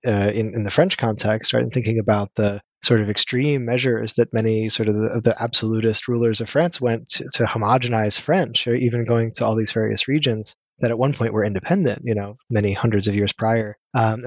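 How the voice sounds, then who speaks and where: Man, interview host, hesitant, halting, slightly dull dry recording. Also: on the low side, no room sound. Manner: hesitant, many fillers and restarts. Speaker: podcast host. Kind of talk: interview conversation.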